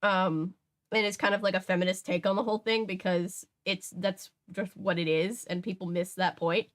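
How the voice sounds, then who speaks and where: Brief: woman host reading a mystery novel aloud, relaxed and chatty, fixes slips as she goes. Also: medium pitch, normal speed. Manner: relaxed, self-correcting, laughs at asides. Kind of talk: casual read-aloud with chatty asides.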